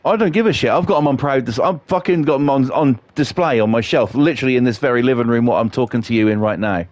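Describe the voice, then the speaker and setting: A man's voice: medium pitch, quick pace, no room sound. Sweary man telling stories. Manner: sweary, rambling and laughing at his own stories. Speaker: live streamer. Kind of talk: casual storytelling while playing a game live.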